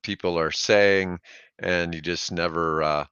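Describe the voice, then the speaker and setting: A German-born man hosting a relaxed chat, talking slowly in a very low voice that carries a bright edge. He keeps things loose and laughs easily. The sound is dry and dull, a little lo-fi. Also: smooth, no echo. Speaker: show host. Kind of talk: casual chat.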